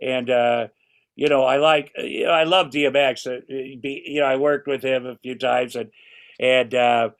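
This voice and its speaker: A man's voice: mid-range voice, steady tone, normal speed, vocal fry. A man in his sixties, a podcast guest, chatting casually and rambling with restarts and casual swearing. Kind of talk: casual chat.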